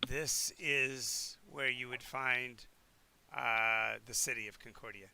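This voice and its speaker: A man narrating as game master of a tabletop game on a live stream, explaining the world in a halting way with many restarts. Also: mid-range voice, fairly even intonation, creaky, bright, forceful tone, smooth. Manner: halting, with many restarts and fillers while checking the map.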